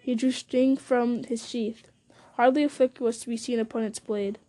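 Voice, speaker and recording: A woman giving a measured, storytelling reading of a fantasy novel. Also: a little high, fairly even intonation, mellow. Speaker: audiobook reader.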